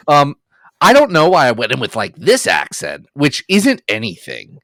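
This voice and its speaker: A man's voice: a little high, measured pace, no echo, studio quality. A man co-hosting a podcast in casual chat, joking around and riffing on bits. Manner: jokey, animated, riffs on bits and voices. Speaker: podcast co-host.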